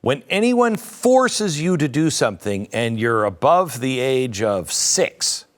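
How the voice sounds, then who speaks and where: Slow, lively male political host. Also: mid-range voice. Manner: sarcastic, mocking asides. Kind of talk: political commentary monologue.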